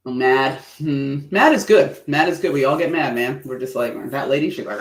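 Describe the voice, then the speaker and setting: In an echoey room, a presentation coach runs a livestream lesson, playful and animated, acting out facial expressions and tossing in playful asides. He speaks at a moderate pace in a medium pitch, barely pausing at all.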